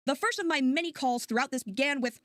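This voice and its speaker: A woman reading scripted narration for a commentary video, recounting events in a brisk, even way. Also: high voice, no room sound, clean studio sound.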